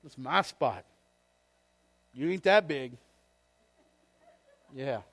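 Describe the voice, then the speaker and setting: A middle-aged man preaching a sermon as pastor, casual and folksy, calling out "man" and "right?". He swings from loud, raised preaching down to quiet storytelling. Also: medium pitch, animated, drawn-out words, breathy edge.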